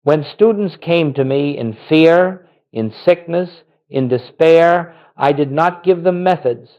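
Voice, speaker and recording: Calm, gentle man in slow measured phrases. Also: fairly high pitch, dull audio. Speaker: spiritual narrator. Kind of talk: scripted devotional narration.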